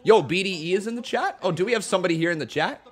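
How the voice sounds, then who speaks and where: A loud, excitable man hosting a live watch-along stream, chatting and reacting as he goes. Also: high-pitched, rapid-fire, faint music behind. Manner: loud and excitable, laughs often.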